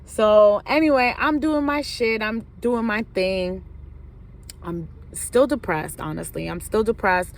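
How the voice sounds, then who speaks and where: A woman's voice: mid-range voice, a little slow, slight background noise. A young woman telling a personal story in a casual vlog, slangy and profane, with "like" in nearly every sentence. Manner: slangy, profane, fills talk with "like". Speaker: vlogger.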